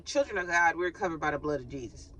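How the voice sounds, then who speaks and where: Woman, chatty spiritual reading, bright tone, laughs easily, no proper mic. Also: low-pitched, expressive, fast talker. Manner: chatty, laughs often, acts out quoted sighs. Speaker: faith channel host giving a spiritual reading. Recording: recorded without her microphone.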